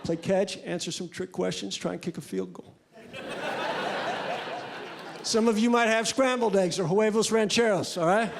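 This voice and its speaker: A male comic telling crude jokes in a deadpan, rambling way. His voice sits high for a man. A handheld stage mic picks him up in a live club with loud crowd noise. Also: a little fast, vocal fry. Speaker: stand-up comedian. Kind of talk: stand-up comedy set. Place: comedy club stage before a live audience.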